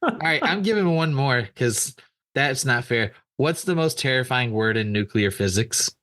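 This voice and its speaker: A man's voice: medium pitch, animated, moderate pace, a bit bright. A man co-hosting a podcast, trading jokes in a teasing, playful way. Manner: plays along in a joking, teasing way. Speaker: podcast co-host. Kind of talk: casual podcast chat.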